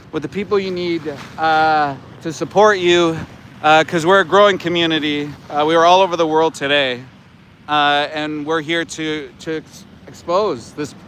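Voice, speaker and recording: Middle-aged man, livestream commentary, profane, indignant, slightly high voice, outdoor traffic faint. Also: fairly bright tone. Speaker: animal rights activist, livestreamer. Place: outdoors by a roadside.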